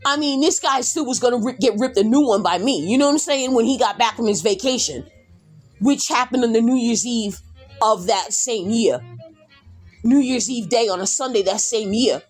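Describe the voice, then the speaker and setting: Loud middle-aged lady telling a story on her podcast, talks right at ya, cusses, kinda high voice. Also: normal speed, faint music behind. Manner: animated, loud, addresses listeners directly, swears. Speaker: podcast host. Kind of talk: casual storytelling.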